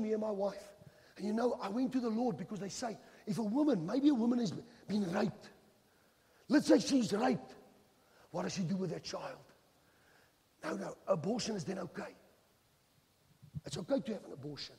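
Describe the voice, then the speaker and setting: A man with a South African accent preaching a sermon in a church. He swings between hushed phrases and shouting, with Afrikaans phrases mixed into his English. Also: high voice, gravelly. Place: large church hall. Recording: church hall with long reverb.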